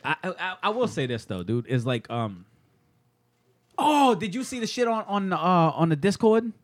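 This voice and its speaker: A man's voice: sits high, sing-song, normal speed, no room sound, studio quality. Rambling, swearing man on a podcast. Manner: rambling storyteller, swears, laughs often. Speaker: podcast co-host. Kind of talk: casual banter.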